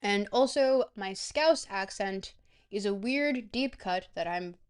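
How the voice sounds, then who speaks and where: A woman streamer chatting casually to her viewers, rambling between bites and filling pauses with ums. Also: mid-range voice, expressive, clear, resonant tone.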